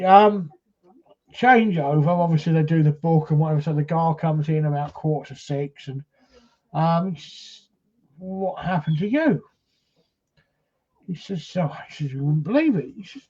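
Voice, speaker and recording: Man, raised but mellow voice, storytelling paranormal investigator, lo-fi camcorder sound. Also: on the high side, normal speed. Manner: retells a story with many "he says" and acted quotes. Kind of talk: casual storytelling chat.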